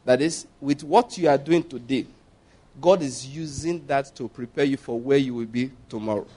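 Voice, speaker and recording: A middle-aged Nigerian man preaching at a Bible study, chatty and lively, with laughing asides. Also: medium pitch, moderate pace, breathy edge. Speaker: pastor.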